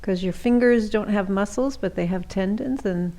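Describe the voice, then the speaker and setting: A middle-aged woman leading a seated yoga class, giving gentle, chatty cues and often checking in with "right?". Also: mid-range voice, moderate pace. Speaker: chair yoga instructor.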